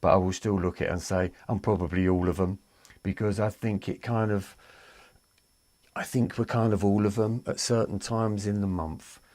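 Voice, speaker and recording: A man's voice: steady tone, normal speed, a little mellow, no room sound. A man from East London with an East London accent, hosting a casual spiritual live stream, rambling, repeating himself and reading out viewer comments. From East London, England. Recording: dry, close, low-quality setup.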